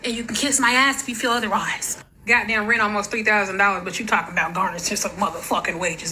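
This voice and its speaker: Furious profane woman ranting, bright voice. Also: fairly high pitch, expressive, normal speed, slight background noise, rough recording. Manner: furious, profane, shouting in bursts. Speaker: social media creator. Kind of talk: angry rant to camera.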